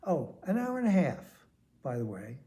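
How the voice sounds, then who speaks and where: Older man, gravelly, candid storytelling vlog. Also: fairly high pitch, very animated, normal speed, dark tone. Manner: rambling, candid, with restarts. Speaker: vlogger. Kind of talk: personal storytelling.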